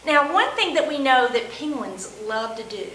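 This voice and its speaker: A woman librarian leading a children's storytime, chanting action rhymes in an animated, sing-song, encouraging way. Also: high-pitched, normal speed, echoey room, a little hiss or hum, low-quality recording.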